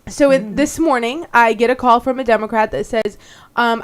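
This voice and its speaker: A woman's voice: on the high side, normal speed, smooth. A woman who is a guest in a radio studio, telling stories animatedly and with emphasis in casual talk. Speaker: studio guest, political party activist.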